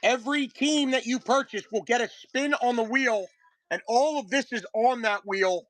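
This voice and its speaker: Chatty, slightly hoarse live-stream seller. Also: normal speed, fairly bright tone, no room sound, low-quality recording. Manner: chatty, greets viewers by name, repeats sales pitch. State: voice getting hoarse. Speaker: host of a live card-break sales stream. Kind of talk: live-stream selling chat.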